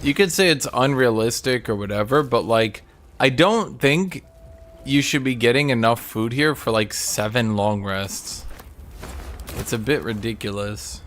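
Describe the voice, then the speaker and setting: A man's voice: medium pitch, unhurried, fairly bright tone, slight background noise. Chatty man streaming a game. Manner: chatty, coos baby talk at a cat. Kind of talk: casual gameplay commentary.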